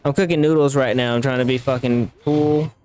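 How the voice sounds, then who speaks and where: A man's voice: medium pitch, steady tone, brisk, darkish tone. A man giving live gameplay commentary as a streamer, talking back at the game with profane, reactive trash talk.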